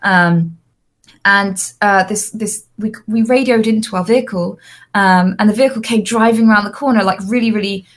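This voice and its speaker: Young woman telling lively stories. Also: mid-range voice, moderate pace. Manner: lively anecdotes, frequent fillers and restarts. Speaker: interview guest, streamer. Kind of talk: casual storytelling.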